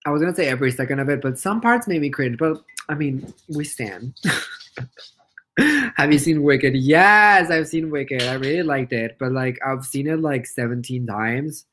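A man's voice: mid-range voice, expressive, a little slow, fairly bright tone, slight background noise, poor audio. Giggly young man chatting on a livestream. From Mexico. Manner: playful and giggly, with squealing baby talk to a pet. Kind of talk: casual live-stream chat reading comments.

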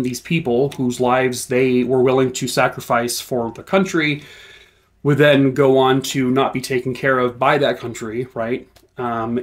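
A young man recounts a true crime case in a loose, conversational way, full of ums and likes. His voice sits at an ordinary middle pitch. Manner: chatty, with filler words, turns high-pitched and playful in the sign-off. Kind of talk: casual YouTube true crime outro.

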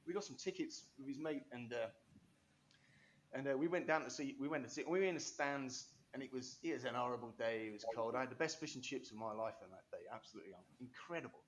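A man's voice: mid-range voice, fast talker, slight background noise. A man, an interview guest telling rambling, enthusiastic stories full of restarts and asides. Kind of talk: animated storytelling interview.

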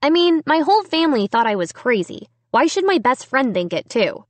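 A woman's voice: high voice, very animated, fairly quick, dry recording. A woman narrating a scary children's book in first person, with dramatic, tense storytelling. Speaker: audiobook narrator. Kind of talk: expressive audiobook reading.

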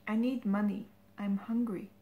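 A woman's voice: medium pitch, steady tone, moderate pace, narrow, tinny audio, slight background noise, natural voice. A woman voicing a defiant young woman painter who speaks insistently, a little raised.

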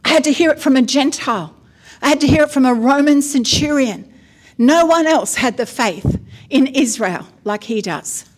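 A middle-aged woman, preaching a sermon as an apostle in a lively, conversational storytelling style. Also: high voice, normal speed.

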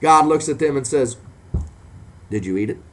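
A man's voice: medium pitch, animated, moderate pace, a bit bright. A man preaching a sermon, punctuating nearly every phrase with "amen" and swelling into fervent emphasis as he addresses Christians and sinners.

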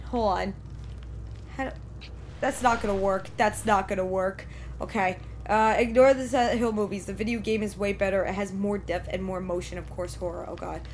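A young woman streaming a horror game live, excitably reacting out loud and talking to the game and her chat from a desk mic at home. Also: medium pitch, normal speed, slight background noise. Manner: excitable, exclaims and talks to the game. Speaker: gameplay streamer. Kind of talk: live let's play commentary.

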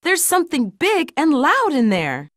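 A woman's voice: sits high, wildly swooping pitch, unhurried, a bit bright, no echo, studio quality, pitched above the performer's own voice, exaggerated voice. A woman voicing a playful little stuffed dragon toy boy in a children's storybook.

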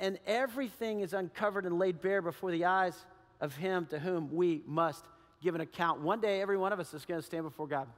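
A man preaching a sermon as pastor, animated and acting out little quoted voices. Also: sits high, long reverb tail. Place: church sanctuary.

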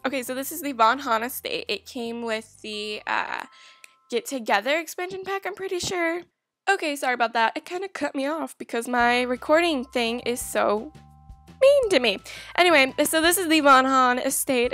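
Bubbly high-voiced young woman gamer. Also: animated, normal speed, a bit bright, faint music behind. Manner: bubbly, gushing, chatty. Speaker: gaming YouTuber. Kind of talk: casual let's-play commentary.

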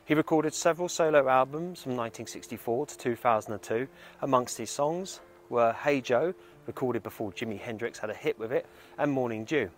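A man hosting a casual vlog outdoors in a cemetery, talking in a chatty, rambling, self-deprecating way. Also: medium pitch. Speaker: vlog host. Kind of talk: casual walking-tour vlog. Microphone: small clip-on microphone. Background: faint outdoor ambience with crows.

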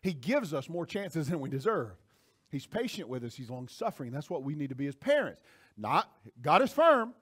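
Male pastor, animated sermon delivery, high voice with big swings, quiet to shouting. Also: normal speed, slightly rough. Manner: animated preaching, swings from soft asides to shouting.

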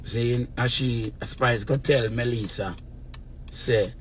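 A man's voice: medium pitch, steady tone, slow pace, slight background noise. A man with a Jamaican accent, rambling and swearing in a casual rant to his viewers. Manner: rambling, repetitive, swears often.

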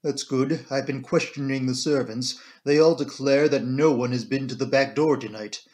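A man voicing a grim police inspector who presses with brisk questions in an amateur audiobook reading. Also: mid-range voice, fairly even intonation, a little mellow, natural voice.

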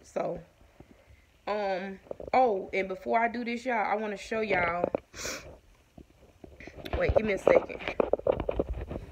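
A woman's voice: medium pitch, noisy background. Breathless chatty woman. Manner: chatty, addresses viewers as y'all. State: short of breath. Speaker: vlogger. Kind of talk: casual chat to viewers. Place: at home indoors.

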